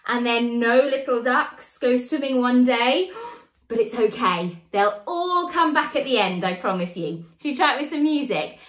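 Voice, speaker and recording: A woman leading a children's sign language lesson, in an animated, sing-song, encouraging way. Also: on the high side, moderate pace, echoey room. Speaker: baby sign language teacher.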